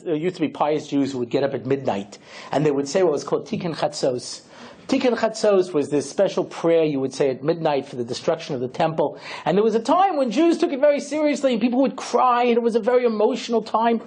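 A rabbi with a husky, high-pitched voice and a darkish tone gives a humorous lecture. He tells stories full of conversational "you know" asides.

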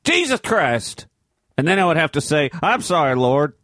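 A man voicing a crude male Southern redneck in an improvised comedy sketch, with deadpan replies. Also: fairly high pitch, normal speed, dry recording, clean studio sound.

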